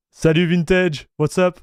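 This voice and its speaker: A man's voice: sits high, a little mellow, clear, resonant tone, no echo, clean studio sound. A man with a French accent hosting a chatty livestream. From North America. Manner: chatty, greets viewers by name, mixes in French and Spanish phrases, laughs often. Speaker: streamer reviewing Linux gaming. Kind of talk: casual livestream chat.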